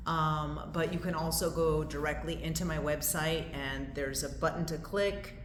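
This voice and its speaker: Lower-voiced woman, echoey room. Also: steady tone, moderate pace. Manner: friendly, explains in detail, laughs easily. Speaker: spin studio owner, guest. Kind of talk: casual interview chat. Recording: echoey room with light noise.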